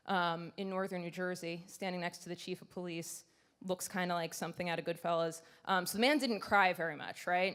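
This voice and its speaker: Lady giving a conference talk on stage, chatty, pokes fun at herself, says um a lot. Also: on the low side. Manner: conversational and self-deprecating, many fillers. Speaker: conference speaker.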